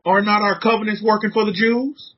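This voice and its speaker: A man's voice: high-pitched, fairly even intonation, a little fast. A man giving an informal sermon as a religious teacher, fervent and conversational, with casual slang. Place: San Antonio. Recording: dull lo-fi recording.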